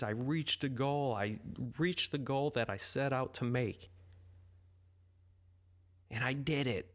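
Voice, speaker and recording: A man hosting a casual solo podcast in a mid-range voice. He rambles candidly and pokes fun at himself. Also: mid-range voice. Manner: rambling, candid, self-deprecating. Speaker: podcast host.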